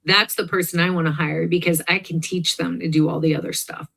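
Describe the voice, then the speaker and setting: A woman's voice: lowish voice, steady tone, fairly quick, creaky, a bit bright. Woman host, affirming and casual. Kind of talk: casual interview talk.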